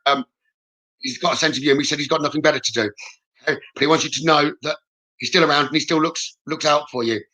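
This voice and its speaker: Brisk, bright-voiced man giving readings. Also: a little high, steady tone, rough recording. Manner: reassuring, frequent "okay?" check-ins, relays messages. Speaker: psychic medium. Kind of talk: live-streamed spirit reading.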